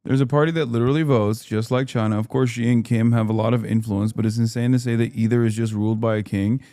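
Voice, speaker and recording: Fast, argumentative male streamer. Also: mid-range voice, fairly even intonation, warm tone, no echo. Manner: rapid, argumentative, exasperated. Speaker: streamer host. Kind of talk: casual reaction commentary.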